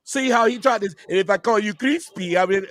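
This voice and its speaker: Combative high-voiced man arguing. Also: a little fast, fairly bright tone, no echo, studio quality. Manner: combative, profane, talks over others. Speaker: show host. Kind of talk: heated panel argument.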